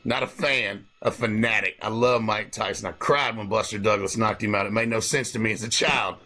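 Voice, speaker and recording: Husky, profane man telling stories. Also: lowish voice, brisk. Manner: profane, animated storytelling. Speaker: podcast host. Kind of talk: casual comedic chat.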